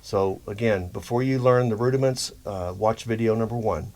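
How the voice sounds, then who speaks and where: A man's voice: fairly low pitch, moderate pace. Guy walking thru drum rudiments, easygoing, lots of uh and okay. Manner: relaxed, explanatory, frequent "uh" and "okay?". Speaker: drum teacher. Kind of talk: instructional demonstration.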